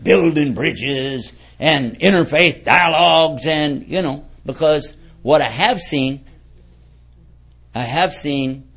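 A man's voice: mid-range voice, a bit bright, breathy edge. Folksy man preaching, lo-fi recording. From United States. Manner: folksy, keeps quizzing the audience. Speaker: Islamic preacher. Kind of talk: conversational lecture to an audience. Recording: dull lo-fi recording.

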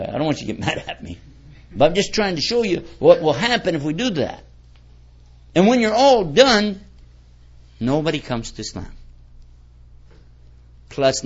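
Folksy man preaching, lo-fi recording. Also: a little high. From United States. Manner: folksy, keeps quizzing the audience. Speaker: Islamic preacher. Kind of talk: conversational lecture to an audience. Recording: dull lo-fi recording.

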